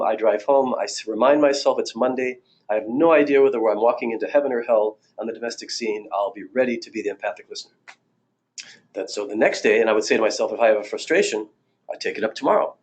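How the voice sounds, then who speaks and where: A man in his sixties, a marriage therapist, giving a recorded training talk in a conversational, anecdotal way with fillers and restarts. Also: medium pitch.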